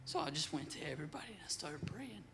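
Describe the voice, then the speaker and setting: A teenage boy giving an earnest, emotional church testimony, his voice dropping soft at moments. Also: fairly high pitch, very animated, fast, creaky. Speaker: youth group member giving a testimony.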